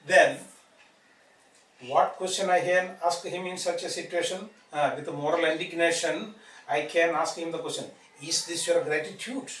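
A man's voice: fairly high pitch, fairly bright tone. A man teaching a grammar lesson, explaining patiently and often adding "isn't it?". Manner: explanatory, repeats tag "isn't it?" and fillers. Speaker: English teacher. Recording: echoey room, distant mic, faint noise.

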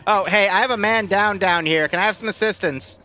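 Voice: mid-range voice, a little fast, pushed and bright. A player joking and teasing teammates over voice chat in a military game. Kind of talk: casual gaming voice chat.

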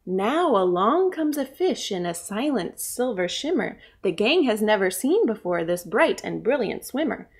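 Lively woman reading a children's story. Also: medium pitch, unhurried, hardly any pauses, slightly rough. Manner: animated, sing-song, asks children questions. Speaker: children's librarian.

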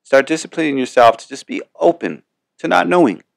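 A podcast host with a mid-range voice, lively intonation and vocal fry speaks a little fast. He delivers a casual motivational monologue that rambles, stays emphatic, and is full of swearing. The recording is dry.

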